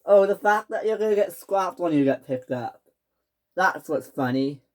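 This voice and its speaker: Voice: medium pitch, expressive, moderate pace, natural voice. A young storyteller voicing a sly, gloating male diesel engine villain in a homemade toy-train story, taunting and smug.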